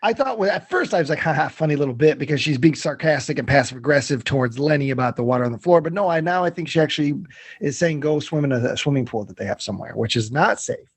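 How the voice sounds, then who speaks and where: A man's voice: on the high side, expressive, fast talker, husky, no room sound. A man co-hosting a podcast, recapping a film scene by scene in loose chat, with lots of fillers and swearing. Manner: swearing, rambling with many fillers.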